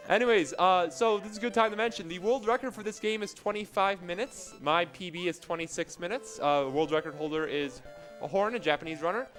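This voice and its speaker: Man, high voice, joking speedrun commentary, rambling, faint background music. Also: a little fast, fairly bright tone, poor audio. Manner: joking, rambling explanations with laughs. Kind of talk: live commentary while playing.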